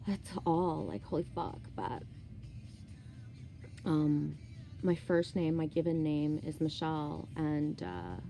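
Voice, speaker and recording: A woman in her forties talks in a loose, rambling way, swearing freely and speaking candidly. Her voice sits on the low side and sounds mellow. Faint music plays behind her. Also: rough recording. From Canada. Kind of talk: casual monologue.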